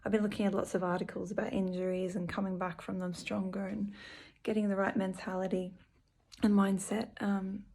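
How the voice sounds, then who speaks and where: A woman talks to her viewers from home in an earnest, heartfelt way, softly and with many pauses and fillers. Her pitch sits in the middle and stays level, with little rise or fall. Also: little pitch movement, vocal fry, slightly rough. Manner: soft, earnest and emotional, with frequent fillers. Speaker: vlogger. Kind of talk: personal video update.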